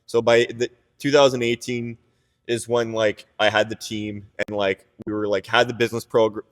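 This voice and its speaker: A man's voice: on the low side, little pitch movement, normal speed. A young man from Canada telling his business story in casual podcast chat, rambling and candid, full of restarts, filler words and the odd swear. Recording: reverberant room.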